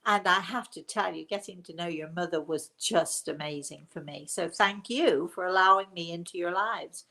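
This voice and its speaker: A woman's voice: on the low side, moderate pace, few pauses, bright, forceful tone. A woman, a spirit medium hosting a live show, chatting fondly with viewers and calling them darling. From England. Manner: affectionate, calls viewers darling. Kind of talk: live-stream chat answering viewers.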